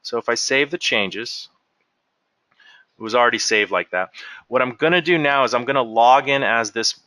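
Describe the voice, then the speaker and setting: Guy doing a software training walkthrough, bright punchy voice, dry close sound. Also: medium pitch, no room sound. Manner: explains step by step while clicking through. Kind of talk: screen-share software walkthrough.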